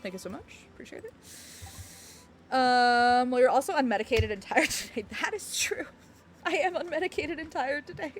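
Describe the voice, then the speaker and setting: A woman's voice: high-pitched, lively intonation, moderate pace, faint music behind. A woman streamer chatting casually on a live stream, bubbly and giggly, rambling with lots of fillers. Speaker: game streamer.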